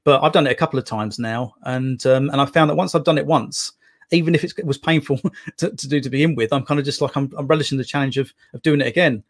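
A man talks quickly about writing poetry, rushing through long thoughts. He rambles, restarting sentences and leaning on fillers. His pitch sits in a middling range. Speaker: poet guest. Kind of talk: casual interview talk.

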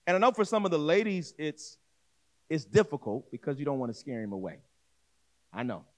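High, animated male preacher. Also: fairly quick. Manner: animated storytelling preacher, acts out voices of people in the story; direct, conversational, repeats words and restarts. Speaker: pastor. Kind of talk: sermon.

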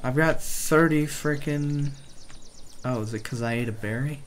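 A young man giving casual gameplay commentary, excitable, swearing mildly and sometimes dropping to a whisper. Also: mid-range voice, measured pace, slight background noise.

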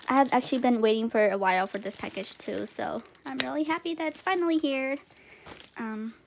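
A high-voiced woman chatting through an unboxing for her channel. She gushes with breathless exclamations and often drops into soft whispers over the items. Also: a little fast, creaky, a little hiss or hum. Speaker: vlogger. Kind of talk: excited unboxing chat.

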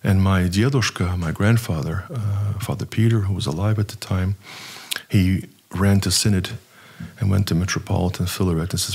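A middle-aged archpriest telling a personal story in an earnest, halting way, with many pauses and fillers. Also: male voice, low-pitched, steady tone, gravelly, darkish tone, breathy edge. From United States. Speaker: archpriest guest.

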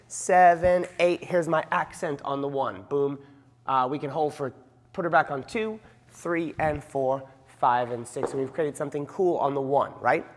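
A man teaching a dance lesson, explaining patterns and counting the beats aloud in a steady rhythm. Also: on the high side. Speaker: dance instructor. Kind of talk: instructional dance demonstration. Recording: reverberant hall sound.

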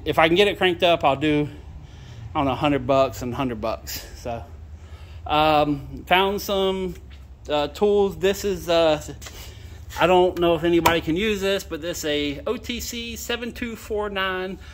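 A man's voice: a little high, slight background noise. A man vlogging outdoors by a trailer, laughing to tears and apologizing as he rambles about used gear he plans to sell. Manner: giggly, apologetic, keeps laughing. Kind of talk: casual rambling vlog.

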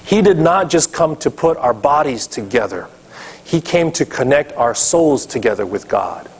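Male pastor mid-sermon, emphatic, keeps checking in with the congregation; husky tone. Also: mid-range voice, sing-song, normal speed. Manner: emphatic preaching, checks in with listeners. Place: church.

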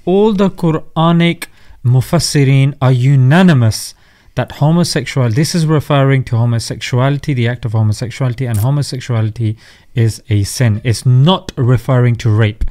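A man's voice: medium pitch, moderate pace, dark tone. A man co-hosting a reaction discussion, explaining points of religious scholarship. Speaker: co-host. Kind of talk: casual commentary.

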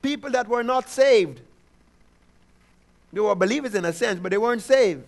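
A man preaching a sermon, calling out for responses and repeating affirmations, stretching key words slowly for emphasis. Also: sits high, animated, vocal fry. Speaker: pastor.

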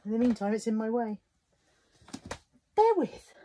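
A woman's voice: a little high, very animated, a little slow, background noise. A middle-aged woman, chatting casually and mocking herself as she talks to the camera in a vlog. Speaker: vlogger.

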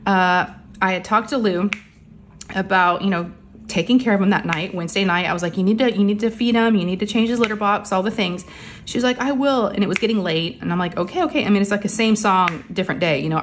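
A middle-aged woman, chatting casually while crafting in her craft room, a little out of breath and under the weather, rambling with many fillers. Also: on the low side. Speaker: crafting vlogger. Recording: faint background hum of printers.

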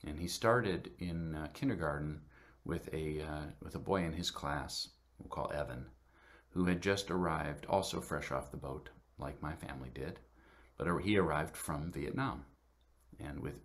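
A middle-aged man speaks to a church congregation in an extremely low, rumbling voice. He tells a family story in a halting way, full of fillers and restarts. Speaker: guest speaker at church service. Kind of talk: personal storytelling talk.

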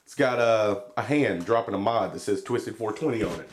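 A man's voice: fairly low pitch, normal speed, slight background noise. A man reviewing a vape box in a rambling, swearing, laid-back vlog. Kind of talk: casual product review vlog.

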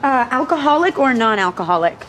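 A woman's voice: high-pitched, big pitch swings, fairly quick, fairly bright tone, a little hiss or hum, poor audio. Bubbly young woman chatting in an interview. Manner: chatty and bubbly, laughs often, says "like" a lot. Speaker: singer and actress being interviewed. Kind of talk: quick-fire celebrity interview. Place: outdoors in the countryside.

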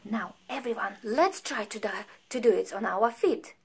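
A woman leading a sing-along music lesson for young children, animated and playful, singing and dropping into hushed whispers. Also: on the high side, moderate pace, gravelly, breathy edge. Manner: animated, swings between sung lines and hushed whispers.

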